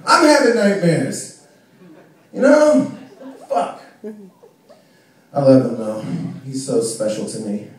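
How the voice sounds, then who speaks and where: A male stand-up comedian doing a set in a small club, telling stories in a profane, animated way and shouting out quoted lines. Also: mid-range voice, slow pace, long pauses. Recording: echoey club audio from far off.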